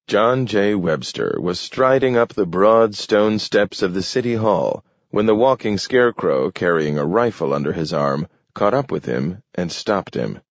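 A man narrates an audiobook story in a slow, measured delivery with a lowish voice and wide, lively inflection. The recording is dull and dry, with no room sound. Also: no room sound.

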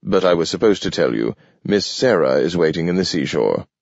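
A man's voice: low voice, expressive, brisk, creaky, a little mellow, no echo, heavily acted. A man reading the lines of a polite, deferential male household robot servant in a storybook, in a dull lo-fi recording. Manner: formal, deferential. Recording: dull lo-fi audio.

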